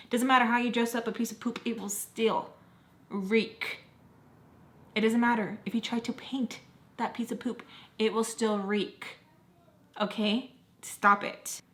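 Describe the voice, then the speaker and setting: A young woman vlogging a personal story while doing her makeup. She acts out what people said and rants with heat. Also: fairly high pitch. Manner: animated, acts out quotes, heated ranting. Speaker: beauty vlogger telling a story.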